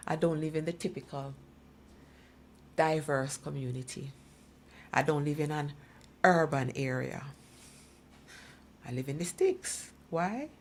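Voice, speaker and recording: Guest speaker, middle-aged woman, emphatic storyteller, rough fry in the voice. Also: low-pitched, slight background noise. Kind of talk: personal testimony in a talk program.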